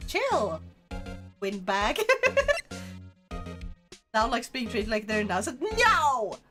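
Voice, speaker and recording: A woman's voice: on the high side, sing-song, slow, music in the background. A woman streamer giving playful, giggly commentary while playing a game. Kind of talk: casual gameplay commentary.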